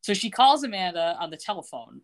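A woman co-hosting a podcast, retelling a TV episode in casual, animated storytelling. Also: medium pitch, brisk. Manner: animated storytelling, acting out characters' lines. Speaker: podcast co-host.

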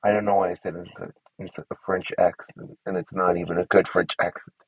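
Husky low-voiced man chatting through gameplay. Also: flat delivery, a little fast, dry recording, rough recording. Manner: chatty, talking to himself while building. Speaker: gameplay streamer. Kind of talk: casual gameplay commentary.

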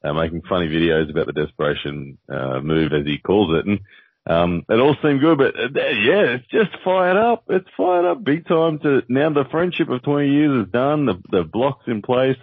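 An Australian man co-hosting a podcast, thinking aloud in a halting way with repeated words. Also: medium pitch, lively intonation, slightly rough, dry recording. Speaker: podcast co-host. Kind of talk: casual podcast chat. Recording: tinny dry phone-like line.

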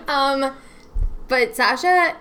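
Relaxed young woman, slightly high voice. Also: very slow, a little hiss or hum. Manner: relaxed, laughing, storytelling. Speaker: podcast co-host. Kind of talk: casual chat.

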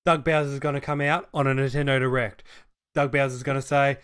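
A man co-hosting a podcast who chimes in with laughs and sweary, excitable riffs in casual banter. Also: medium pitch, a little fast, smooth. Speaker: podcast co-host.

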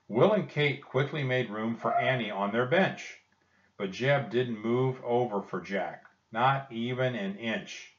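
Man reading a kids' book aloud, calm and unhurried, dull lo-fi sound. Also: medium pitch. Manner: calm, gentle storytelling. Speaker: reader. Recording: dull lo-fi recording.

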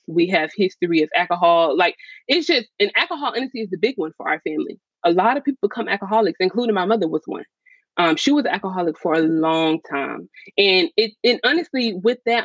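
A woman's voice: mid-range voice, breathy edge, dry recording. A woman guest on a podcast interview, telling her own story frankly in casual talk full of fillers. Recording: slightly dull, dry sound.

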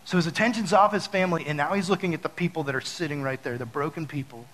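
A man preaching a casual sermon, telling a story to his audience and acting out his panic in loud outbursts. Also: a little high, fast, slight background noise, rough recording. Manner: talks straight to the audience with many fillers.

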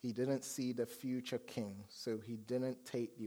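A man preaching a sermon as a pastor, telling stories with dramatic swings from loud declarations to hushed asides. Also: medium pitch, fairly even intonation, a little slow.

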